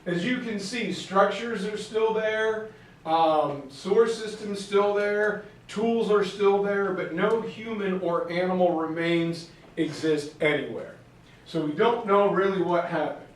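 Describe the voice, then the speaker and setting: Higher-pitched male teacher, jokey lecture style, distant classroom audio. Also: unhurried, slight background noise. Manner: jokey, animated storyteller. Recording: echoey classroom from far off.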